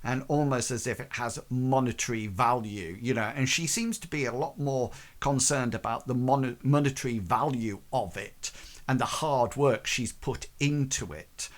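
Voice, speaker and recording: A man narrating as game master of a tabletop game, with a halting, filler-heavy delivery. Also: mid-range voice, animated.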